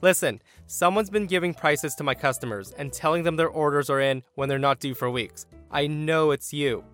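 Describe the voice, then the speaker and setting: A man's voice: on the high side, normal speed, a bit bright, faint music behind, lightly acted. A man voicing a furious male shop owner on the phone, curt and indignant. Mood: angry.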